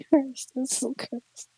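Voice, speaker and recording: A young woman streamer casually telling a ghost story, animated and giggly, full of "like" fillers. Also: high voice, very slow, vocal fry, breathy edge, no echo, rough recording. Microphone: streaming mic.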